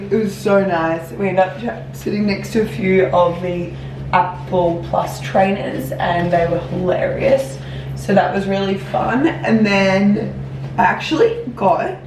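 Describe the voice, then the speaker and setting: Chatty woman vlogging in an echoey room. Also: on the low side. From Australia. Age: 30s. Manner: chatty and rambling, many fillers such as like and um. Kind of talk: casual vlog chat to camera. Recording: echoey room, faint background noise.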